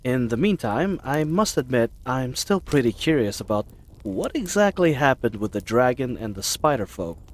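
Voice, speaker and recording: A rambling, bumbling knight, played by a man in his forties, chatty and quick to apologize. His speech swoops up and down with lively pitch. It plays as an audio role-play addressed to the listener. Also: natural voice. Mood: eager, friendly. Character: babbling bumbling friendly male knight. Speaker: voice actor.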